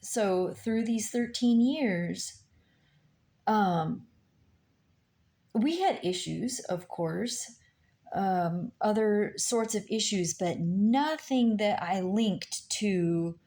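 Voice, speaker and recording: A woman slowly telling a painful personal story, halting with many pauses and fillers, recorded on a laptop mic. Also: medium pitch, animated, warm tone. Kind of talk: personal testimony, slow and halting. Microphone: laptop mic on her lap.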